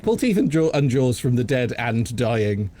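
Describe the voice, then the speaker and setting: A British man narrating as game master of a tabletop game, unhurried and halting, with many fillers. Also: medium pitch, sing-song, warm tone.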